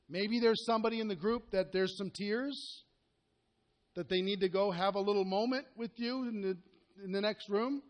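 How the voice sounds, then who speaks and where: A man coaching a live group, talking earnestly and directly and often asking the room questions. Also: high-pitched. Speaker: network marketing coach.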